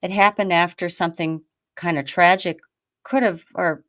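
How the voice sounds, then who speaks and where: A woman from the United States hosting a show, telling a story in a lively casual way, acting out quotes with many restarts. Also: on the low side, normal speed, dry recording, studio quality. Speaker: host.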